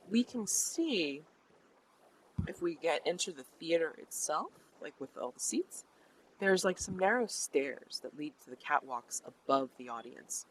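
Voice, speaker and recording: Lively tabletop game master narrating. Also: mid-range voice, slight background noise, poor audio. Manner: chatty, animated, many fillers.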